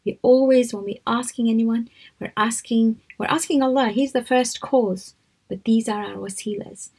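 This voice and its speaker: A middle-aged woman leads a live devotional talk in a gentle, husky voice that often sinks to a soft near-whisper. She tells stories and invites listeners to recite along with her, pitched a little high. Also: fairly even intonation, brisk, low-quality recording. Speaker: religious speaker.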